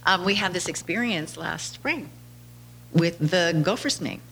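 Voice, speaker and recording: Bright-voiced woman telling chatty stories. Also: lowish voice, unhurried, gravelly, slight background noise. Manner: chatty, laughs often, animated quoting. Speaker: podcast host. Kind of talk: casual storytelling monologue.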